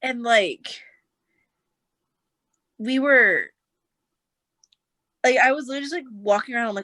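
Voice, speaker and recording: A young woman telling a long personal story on a podcast, animated and quick to act out what others said, with lots of filler words. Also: on the high side, no room sound. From United States. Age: young adult. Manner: animated storyteller, acts out quotes, says like a lot. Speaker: podcast guest. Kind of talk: casual storytelling chat.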